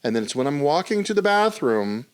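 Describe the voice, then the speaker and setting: Podcast co-host, male, lively pitch, animated casual storyteller who swears. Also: fairly quick, clear, resonant tone. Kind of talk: casual chat.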